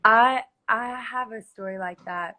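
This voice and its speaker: A woman's voice: on the high side, unhurried, low-quality recording. A woman in a casual live video chat, speaking eagerly and affirming the other speaker. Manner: warm, eager agreement and encouragement. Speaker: musician. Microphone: video call from a phone or computer.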